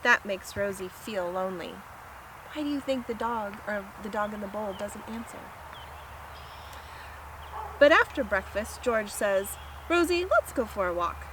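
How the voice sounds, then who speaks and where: A woman teacher reading a children's picture book aloud, expressive and asking her young listeners questions. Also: medium pitch, unhurried, long pauses, noisy background.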